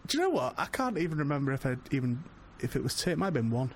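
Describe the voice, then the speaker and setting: Lively, joking man radio host. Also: a little high, racing, heavy background noise. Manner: joking, playful. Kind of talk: casual interview chat.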